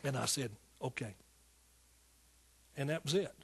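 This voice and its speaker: Husky older male pastor preaching fervently. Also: medium pitch, a little slow. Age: 60s. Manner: storytelling, swings from soft asides to fervent exhortation. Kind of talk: sermon.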